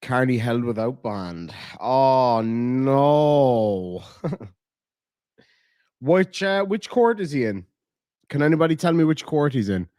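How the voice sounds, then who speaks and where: A man hosts a loose, rambling livestream, dropping curse words and reading viewer messages aloud. His voice sits at an ordinary middle pitch. The sound is dry and close, with no room echo. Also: sing-song, slow, long pauses, a little mellow. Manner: rambling, swears casually, reads out viewer messages. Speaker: livestream host. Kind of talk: casual livestream chat. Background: dogs nearby.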